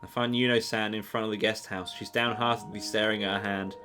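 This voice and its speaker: A woman's voice: extremely low pitch, steady tone, a little fast, a bit bright. A woman streamer narrating a visual novel playthrough, with wry, chatty asides over game music.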